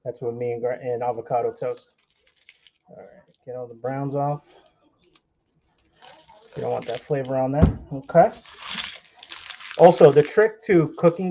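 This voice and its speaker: Cooking live in his home kitchen, a young host talks to his viewers and cracks jokes as he goes. His mid-range, dark-toned voice comes at a measured pace with frequent pauses, and the recording's high frequencies are cut off.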